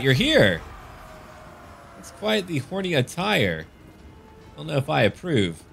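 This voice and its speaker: A man's voice: a little high, wildly swooping pitch, measured pace, vocal fry, pauses often, fairly bright tone, slight background noise. Goofy man joking over a game. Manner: goofy, jokey, slips into silly voices. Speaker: gaming YouTuber. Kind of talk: casual gameplay commentary.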